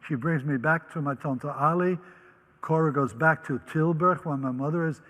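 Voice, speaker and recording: An older Dutch man, a Holocaust survivor, vividly tells his life story in a large hall, with his voice captured in a low-quality recording. His voice is fairly high-pitched and a bit bright, at a moderate pace, and he acts out the voices of those he quotes.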